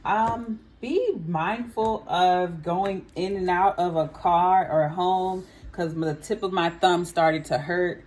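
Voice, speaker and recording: A woman's voice: lowish voice, steady tone, takes it slowly, hardly any pauses, darkish tone. A woman giving a casual tarot reading to her viewers, musing aloud and often saying "I feel like". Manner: chatty, musing, frequent "I feel like". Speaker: tarot reader. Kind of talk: casual psychic reading to camera.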